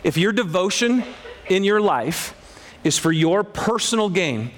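A man preaching a sermon in a conversational, animated way, acting out little asides. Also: high voice, unhurried. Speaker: pastor.

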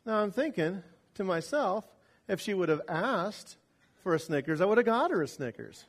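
A pastor delivering a sermon, telling a personal story with wide swings between loud emphasis and quiet asides. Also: male voice, high voice, very animated, normal speed.

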